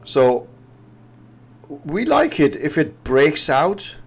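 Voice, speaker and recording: A man's voice: fairly high pitch, big pitch swings, drawn-out words, breathy edge. A man from Pakistan with a Pakistani English accent, casually walking through market charts in a rambling, explanatory way. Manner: rambling, explanatory, laughs often. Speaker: trading educator. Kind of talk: casual chart-analysis chat.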